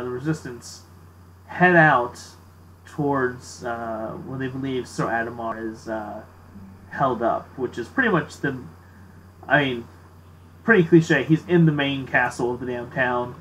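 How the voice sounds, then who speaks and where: A man's voice: mid-range voice, takes it slowly, fairly bright tone, a little hiss or hum, low-quality recording. A man narrating as game master, casual and full of fillers, chatting between scenes. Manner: casual, filler-heavy, laughs easily.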